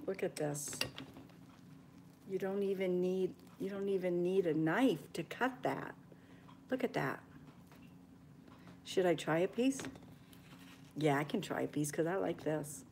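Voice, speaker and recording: Older woman, lowish voice, homey cooking chat, faint room noise. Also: measured pace, long pauses, a little mellow. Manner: chatty, homey, talks to viewers while cooking, drops to a near whisper at times. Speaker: homestead cooking vlogger. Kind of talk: casual live-stream cooking chat. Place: home kitchen.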